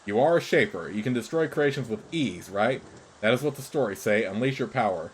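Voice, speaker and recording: A man voicing a sly creature spy in a fantasy game, speaking in measured, formal, persuasive sentences. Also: mid-range voice, expressive, a little hiss or hum, close to an everyday voice, poor audio. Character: sly scheming creature spy urging betrayal.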